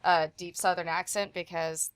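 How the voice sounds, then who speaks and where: A woman's voice: fairly low pitch, level tone, normal speed, dry recording. A bubbly, giggly woman playing in a tabletop game, chatting casually on a remote home mic.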